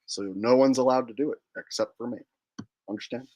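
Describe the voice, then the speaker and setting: A man's voice: medium pitch, steady tone, brisk, a little mellow. A man hosting a casual livestream, joking and rambling while he reads out chat comments. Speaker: livestream host.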